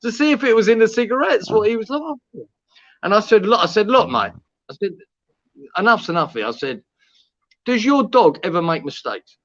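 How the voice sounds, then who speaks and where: A man's voice: high-pitched, big pitch swings, a little fast, a bit bright, no room sound, lo-fi sound. A man telling a story in casual chat, swearing, laughing and acting out what people said. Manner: swearing, laughing, acts out quoted lines. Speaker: co-host.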